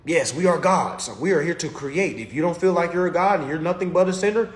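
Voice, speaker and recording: A man delivering an animated motivational rant to his followers, preachy and repetitive, constantly checking in with his listeners. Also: high-pitched, normal speed, reverberant. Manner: preachy, keeps checking in with "all right?". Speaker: social media host.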